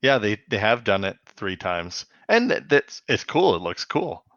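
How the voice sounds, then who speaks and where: A man chatting casually on a podcast, wandering through his points with plenty of fillers and false starts. His pitch swings widely as he talks. The sound is dry and a touch dull. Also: very animated, a little slow, fairly bright tone, dry recording. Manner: rambling, filler-heavy retelling with many restarts. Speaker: podcast co-host. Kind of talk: casual chat recapping a cartoon episode.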